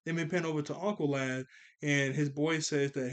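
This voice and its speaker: Male cartoon reviewer, casual recap, chatty and quick to laugh. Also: fairly high pitch, steady tone. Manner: chatty, laughs often, quick character quotes.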